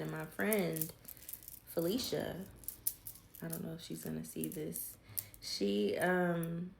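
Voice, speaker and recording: A woman speaks candidly about her past and swears freely. Her voice sits on the low side and carries a gravelly fry. The room adds a noticeable echo. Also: a little mellow, a little hiss or hum. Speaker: vlogger telling her life story. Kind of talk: casual storytelling.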